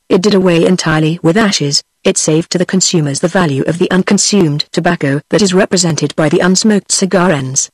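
A text-to-speech voice with a British English accent, set as a woman, narrating an audiobook in a steady, even reading. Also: fairly low pitch, slightly rough, dry recording. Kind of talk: scripted narration.

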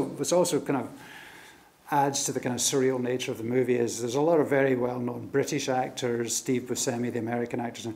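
A man's voice: mid-range voice, a little mellow. A middle-aged man giving a public lecture and taking questions, telling stories animatedly with frequent stammered restarts. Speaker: guest lecturer.

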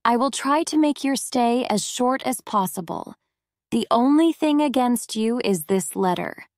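A stern male judge with something to hide, read by a woman. The lines come slowly and plainly, in a somewhat high voice with a dry, close sound. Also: animated, darkish tone, dry recording. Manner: slow, simple, careful reading.

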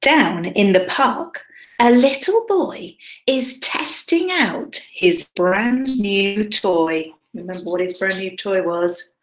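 A woman teacher reading a picture book aloud to young children, animated, with dramatic whispers and gasps. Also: mid-range voice, takes it slowly, a little hiss or hum. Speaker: primary school teacher. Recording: echoey room.

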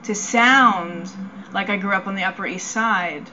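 A woman's voice: medium pitch, measured pace. A young woman with a New York accent, talking candidly and animatedly in a documentary interview. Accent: New York City. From Howard Beach, New York. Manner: candid, animated, many likes. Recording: dull lo-fi documentary clip with faint noise.

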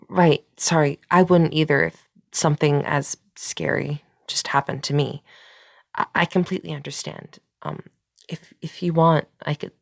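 A woman performing a scripted audio role-play as a caring friend, talking in a nervous, soft-spoken way with frequent stammers and pauses. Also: deep voice, vocal fry, no echo, clean studio sound.

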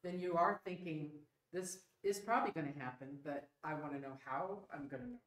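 A class member thinking through an answer out loud, tentative and reasoning step by step. The voice is mid-pitched and picked up off-mic, so it sounds roomy and distant. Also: a little fast. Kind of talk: classroom discussion.

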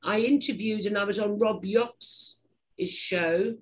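An English woman hosts a relaxed podcast chat in a mid-range voice. She talks freely, drifts between topics and laughs easily. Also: mid-range voice, slow pace, low-quality recording. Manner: chatty, digressive, laughs easily. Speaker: podcast host. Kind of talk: casual interview chat.

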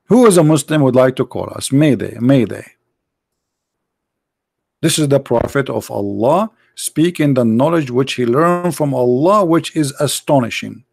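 A man's voice: mid-range voice, lively intonation, measured pace, gravelly, darkish tone, no room sound, studio quality. A man hosting a heated call-in debate show, speaking non-native English with broken grammar in a mocking, sarcastic way and calling his opponent "brother" again and again. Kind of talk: heated live debate with callers.

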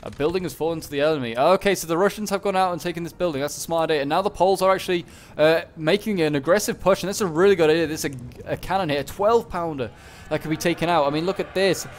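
A man's voice: a little high, fast. A man giving casual, rambling commentary over a strategy game battle, with lots of fillers and restarts. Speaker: gameplay commentator.

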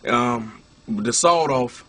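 A man's voice: medium pitch, animated, drawn-out words, fairly bright tone. A man, a minister and former rapper, telling his personal testimony in a casual way, often saying "you know what I'm saying" and restarting his words.

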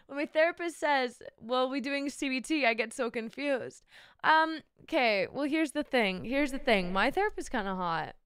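A woman's voice: high voice, lively intonation, unhurried, fairly bright tone, clear, resonant tone, dry recording, clean studio sound. A young woman streamer with a sick, sore throat, chatting playfully with her viewers and swearing freely. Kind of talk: casual live-stream chat with viewers.

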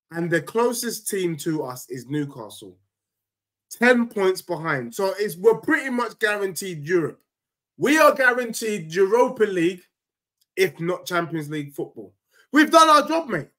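Excitable young lad, high and swinging voice, arguing hard on a football chat show. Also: male voice. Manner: animated, emphatic, ranting with rising outbursts. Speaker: football podcast co-host, fan. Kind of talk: casual football debate.

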